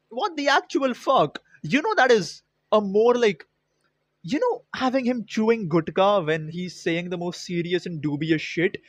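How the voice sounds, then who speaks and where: A man's voice: sits high, no room sound. A man ranting through a film review vlog, sarcastic and heavily profane. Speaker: film critic.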